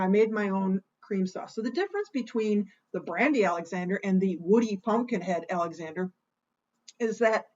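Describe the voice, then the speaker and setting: A woman's voice: medium pitch, darkish tone. A middle-aged woman hosting her own home cocktail show, rambling and self-deprecating as she tells stories between steps. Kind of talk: casual chatty cocktail vlog. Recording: slightly dull lo-fi home recording.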